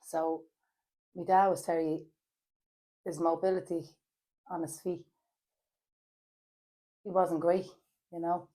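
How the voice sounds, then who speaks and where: Chatting casually on a podcast, a Dublin-accented woman from Ireland speaks in a low register with plenty of hesitation and filler words. She livens up noticeably whenever she launches into a story.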